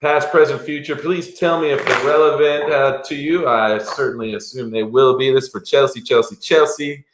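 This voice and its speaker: A man's voice: mid-range voice, steady tone, normal speed, few pauses, noisy background. A man doing a live-stream tarot reading as a psychic, chatty and rambling, with frequent chuckles. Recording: echoey room.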